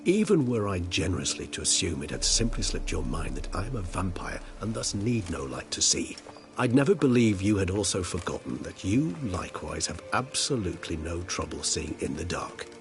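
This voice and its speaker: A man's voice: low-pitched, big pitch swings, normal speed. An actor playing a refined, ironic male vampire in a video game, with eloquent, theatrical phrasing. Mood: teasing. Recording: game audio with music underneath. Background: music.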